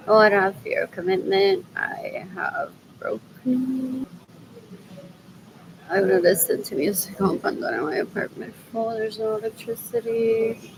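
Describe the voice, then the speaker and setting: A woman's voice: mid-range voice, unhurried, background noise. A middle-aged woman talking to herself in a rambling solo monologue, repeating phrases over and over and slipping Spanish phrases into her English. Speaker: vlogger.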